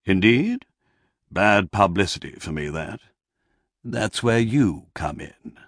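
A man doing a suave, low-voiced gentleman devil. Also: lively intonation, slow pace, no echo, clean studio sound, full character voice. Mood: persuasive. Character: suave, dignified male devil, gentlemanly and scheming.

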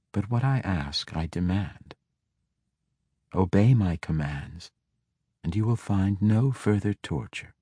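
A man voicing a cold, commanding dark elf noblewoman in an audiobook, speaking low, slow and quietly threatening. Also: breathy edge, no room sound, studio quality, heavily acted. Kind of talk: audiobook character voice.

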